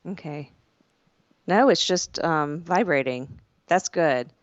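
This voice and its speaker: A woman's voice: low voice, animated, takes it slowly, no echo, lo-fi sound. A woman from the southern United States co-hosting a podcast, chatting casually with dry, teasing quips. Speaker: podcast co-host. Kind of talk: casual chat.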